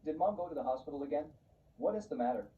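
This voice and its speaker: A man reading the lines of a calm, generous young son-in-law in a flat, even voice. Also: fairly high pitch, fast talker, natural voice. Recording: muffled, distant, faint hiss.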